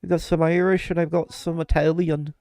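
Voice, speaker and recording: A man's voice: a little high, level tone, fairly quick, vocal fry, a little mellow, clean tone, no echo, studio quality. A man streaming while sick with flu-like symptoms. He chats casually, rambles, interrupts himself and laughs often. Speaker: live streamer. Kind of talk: casual live-stream chat.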